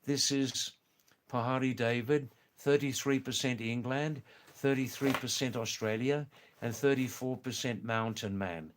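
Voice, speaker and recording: A man hosting a live stream, answering viewer comments slowly and thoughtfully, with many pauses and fillers. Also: mid-range voice, fairly even intonation, a little hiss or hum.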